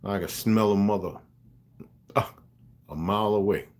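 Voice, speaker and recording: A man's voice: on the low side, normal speed, a little mellow. A man ranting on a livestream to his viewers, emphatic and profane, rambling and greeting chat viewers by name. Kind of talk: unscripted livestream rant.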